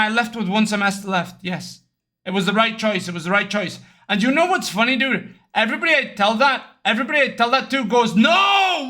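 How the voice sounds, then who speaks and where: A young man streaming, chatting casually and telling animated stories with lots of swearing, raising his voice to act out other people. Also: sits high. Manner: animated storytelling, acts out others in raised voice, swears often. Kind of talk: casual livestream chat.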